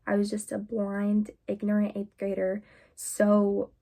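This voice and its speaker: A woman's voice: mid-range voice, completely flat delivery, measured pace, vocal fry, mellow. A young woman vlogger telling a personal story in a candid, confessional way, full of casual fillers.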